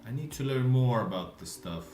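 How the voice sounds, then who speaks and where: A man from Latvia whose first language is Russian, chatting haltingly on a live outdoor stream and mixing in Finnish. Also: mid-range voice, animated, mellow, roomy sound, faint music behind. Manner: halting, restarts often, switches between English and Finnish. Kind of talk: casual live stream chat. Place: outdoors in the city.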